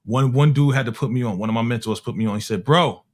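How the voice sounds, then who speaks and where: A man from Harlem, a music producer telling a story in a casual, animated way and acting out the people in it. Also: mid-range voice, quick pace. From Harlem, New York. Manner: animated, acts out other people's voices with slang.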